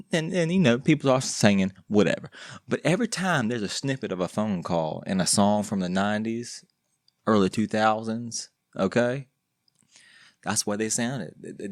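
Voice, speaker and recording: Alone on his own podcast, a man delivers a casual solo monologue that rambles, jokes and leans on slang, with lots of restarts. His voice is lowish, and the studio-quality recording has no room sound.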